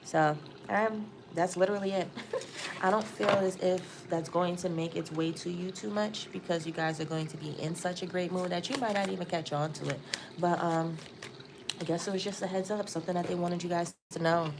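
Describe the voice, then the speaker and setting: Woman, low-ish voice, excitable live tarot reader, faint room hiss behind her. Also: moderate pace. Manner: excitable, chatty, addresses viewers as y'all. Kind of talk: live tarot reading stream.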